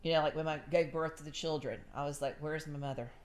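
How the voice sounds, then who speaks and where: Middle-aged woman, low voice, chatty and animated podcast host. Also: fast talker. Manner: chatty storyteller, animated, says y'all. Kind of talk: casual chat.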